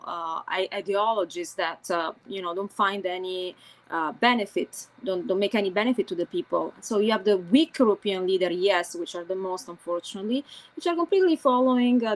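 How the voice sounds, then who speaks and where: Woman, Italian accent, non-native English, podcast guest, halting, emphatic. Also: fairly low pitch, low-quality recording. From Italy. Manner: halting, searching for words with many pauses. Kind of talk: interview conversation.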